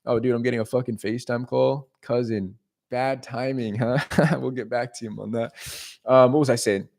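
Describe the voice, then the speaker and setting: A man's voice: medium pitch, steady tone, normal speed, gravelly, darkish tone. A young man on a livestream, casually telling a long, profane story and checking in with his viewers. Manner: rambling, profane, self-interrupting with "right?". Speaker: leasing agent streaming to viewers.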